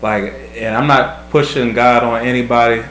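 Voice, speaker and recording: A man's voice: mid-range voice, fairly even intonation, normal speed, fairly bright tone. A man in his thirties, earnest and reflective, giving marriage advice in casual talk, often repeating words as he thinks. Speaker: vlog host, husband. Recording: echoey room, faint hum.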